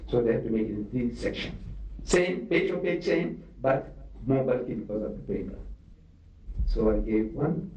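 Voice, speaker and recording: An older man with a South African Indian English accent, giving a religious public lecture as animated storytelling, acting out dialogue and firing questions at his audience. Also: mid-range voice, a little hiss or hum. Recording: dull, echoey hall recording from far off.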